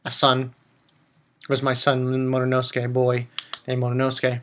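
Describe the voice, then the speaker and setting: A man briefly voicing a worried samurai father calling for his son, a bit lower than his own voice. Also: monotone, normal speed, fairly bright tone, a little hiss or hum, natural voice.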